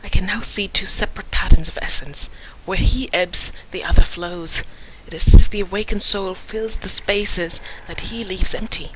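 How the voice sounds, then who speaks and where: A woman voicing a fussy, self-important woman researcher, hushed and precise. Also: mid-range voice, steady tone, moderate pace, few pauses, in a whisper, natural voice, poor audio. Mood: studious.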